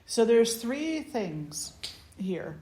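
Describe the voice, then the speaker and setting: Gentle woman teacher in an echoey room. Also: fairly high pitch, big pitch swings, slight background noise. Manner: gentle, unhurried, speaks in short phrases. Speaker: spiritual teacher. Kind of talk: satsang talk with storytelling.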